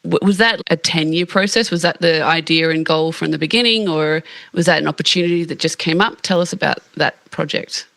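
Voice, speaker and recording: Aussie lady host, gravelly, bright sound, chatty questions. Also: low voice, brisk, hardly any pauses, dry recording. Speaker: podcast host. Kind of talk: casual interview.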